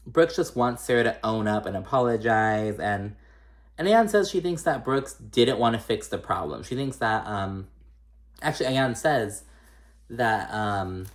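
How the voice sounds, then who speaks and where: A man dishes on a reality show in a loose, gossipy recap. He talks casually, swears freely, and slips into quick impressions of the people he's describing. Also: lowish voice. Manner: chatty, profane, gossipy, acts out quoted lines.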